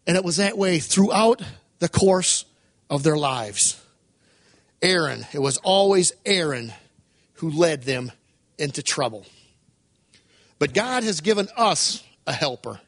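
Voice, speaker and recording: High-voiced male preacher, emphatic sermon. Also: animated, slow, long pauses, no echo, clean studio sound. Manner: emphatic, rhetorical questions, dramatized retellings.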